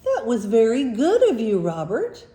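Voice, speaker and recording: Prim, formal female teacher, a woman reading aloud; mellow tone, slow delivery. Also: on the high side, wildly swooping pitch. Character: prim female teacher, fussy but softening. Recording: roomy echo.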